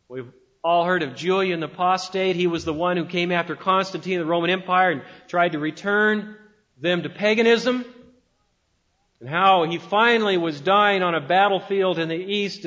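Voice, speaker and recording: A pastor preaching a sermon with emphatic delivery and dramatic pauses. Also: male voice, sits high, a bit bright, lo-fi sound.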